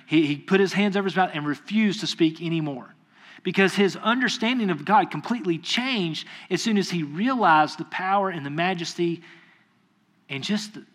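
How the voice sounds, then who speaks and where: A man delivering a sermon with a bright, forceful tone and a slightly raised pitch. He preaches in a relaxed, conversational way, acting out quoted voices and throwing quick asides to his listeners. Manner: acts out quoted voices in retellings.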